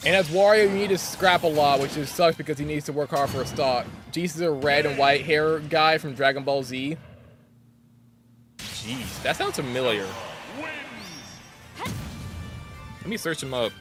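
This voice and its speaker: A young man live-streaming a game, ranting sarcastically in a casual, animated way. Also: on the high side, a little slow, pauses often, music in the background. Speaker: gaming streamer.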